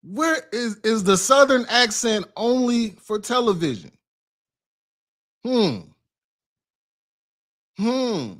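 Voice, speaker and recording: A man riffing on the news in casual reaction commentary. His voice sits high and he takes his time, slangy and quick to exclaim or laugh. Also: big pitch swings, fairly bright tone.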